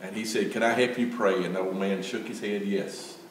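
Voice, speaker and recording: A man's voice: fairly low pitch, fairly even intonation, moderate pace, a little hiss or hum. An older man, telling a folksy testimony story as a church speaker. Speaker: Gideons speaker. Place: church sanctuary. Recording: echoey church from far off.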